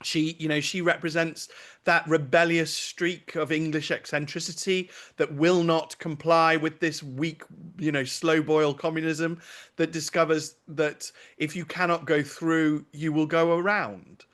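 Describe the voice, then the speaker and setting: A man's voice: fairly high pitch, flat delivery, a little slow, a bit bright. Indignant, impassioned male pundit. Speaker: guest commentator. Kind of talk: opinionated panel talk.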